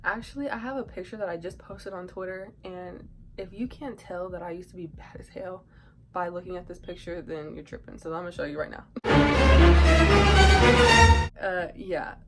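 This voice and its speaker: A young woman vlogger telling a childhood story in a casual, animated way, acting out quotes and dropping into whispered asides. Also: lowish voice, normal speed, pauses often, loud music behind the voice, rough recording. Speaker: YouTuber.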